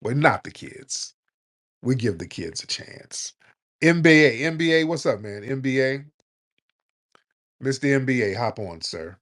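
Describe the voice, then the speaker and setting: A man's voice: medium pitch, expressive, a little slow, pauses often, a bit bright. A man hosting a late-night call-in audio chat, talking in a loose, joking, blunt and slangy way. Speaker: host of a live audio chat room.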